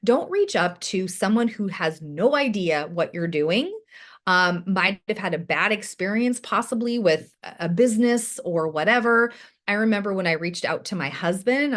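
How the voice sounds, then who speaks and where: A woman's voice: medium pitch, big pitch swings, normal speed, a bit bright. A woman director giving an encouraging, conversational training talk over a video call to her team. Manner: encouraging, conversational, often asks "right?".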